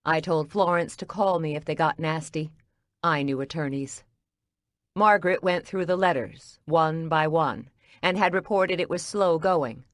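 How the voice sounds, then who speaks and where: A woman reading a first-person audiobook in a wry, expressive way. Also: deep voice, measured pace, no room sound, clean studio sound. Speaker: audiobook narrator.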